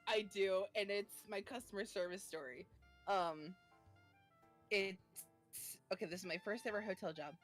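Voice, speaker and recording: A woman's voice: mid-range voice, normal speed, faint music behind. A woman in her twenties, a guest on a stream, chatting casually and telling a story with lots of fillers.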